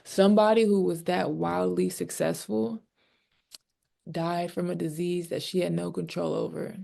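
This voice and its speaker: Young woman pro athlete at the podium, low gravelly voice, reflective and candid. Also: little pitch movement, unhurried, warm tone. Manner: candid, reflective, many fillers. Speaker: pro basketball player. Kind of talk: press conference answers.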